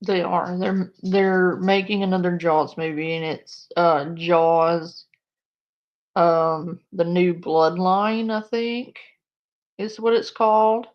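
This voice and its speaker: Casting: unhurried woman streamer, loose and sweary, coos at her dog, dull lo-fi audio. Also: on the low side, fairly even intonation. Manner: chatty, swears casually, coos and baby-talks to her dog. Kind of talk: casual live-stream chat.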